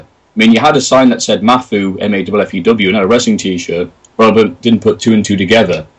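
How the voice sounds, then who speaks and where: A man's voice: lowish voice, fast, husky, distant mic, rough recording. A British man telling stories in a casual interview, chatty and jokey, acting out quotes in other voices. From Britain. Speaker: interview guest, video creator.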